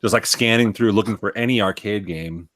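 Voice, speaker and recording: A man's voice: fairly low pitch, a little fast, a bit bright, dry recording. A man co-hosting a hobby podcast, talking casually with lots of fillers and crude jokes. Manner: filler-heavy, crude humor. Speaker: podcast co-host. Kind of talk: casual chat.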